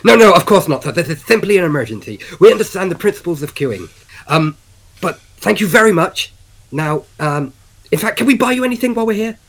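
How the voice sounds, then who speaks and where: A man's voice: sits high, sing-song, fairly quick, heavily acted, rough recording. A man voicing a polite, fussy male gnome adventurer who fumbles over his words. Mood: courteous. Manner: overly polite, flustered.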